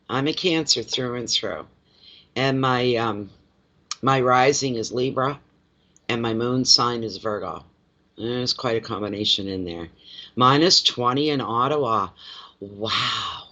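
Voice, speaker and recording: A man chats on a livestream from home, greeting viewers by name and laughing often as he talks. He is openly expressive and rambling. His voice sits at an ordinary middle pitch, and the stream audio is a little muffled and lo-fi. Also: measured pace. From Atlantic Canada. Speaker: intuitive card reader. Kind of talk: casual livestream chat.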